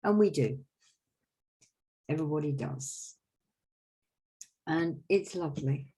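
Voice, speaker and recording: A woman's voice: low-pitched, slow pace, low-quality recording. A woman host telling about folk customs in a chatty, wry way. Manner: chatty, wry asides, lively explanations. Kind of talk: casual storytelling talk.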